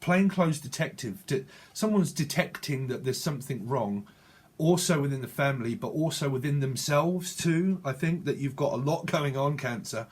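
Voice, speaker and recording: A man's voice: mid-range voice, expressive, normal speed, breathy edge. A man giving a channeled tarot reading in a rambling, repetitive way, often correcting himself mid-word. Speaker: tarot reader.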